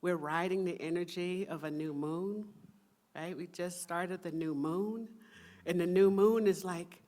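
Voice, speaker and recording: A woman minister giving a sermon to a church congregation, soft and meditative, with playful asides. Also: medium pitch, unhurried.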